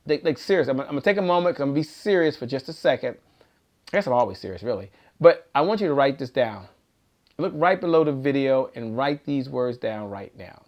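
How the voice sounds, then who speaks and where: Brief: male livestream host, energetic sales motivator, slightly high voice, preachy repetition. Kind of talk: live-stream motivational sales talk.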